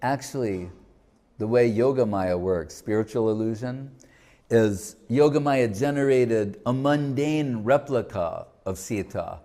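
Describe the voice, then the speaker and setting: A man voicing a calm male saint who patiently explains a point of scripture. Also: medium pitch, a little slow, natural voice. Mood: explaining.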